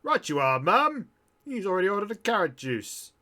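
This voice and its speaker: A man's voice: sits high, sing-song, normal speed, pushed and bright, voice pushed up, heavily acted. A man doing a prim robot butler bartender. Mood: courteous. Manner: prim, formal service talk.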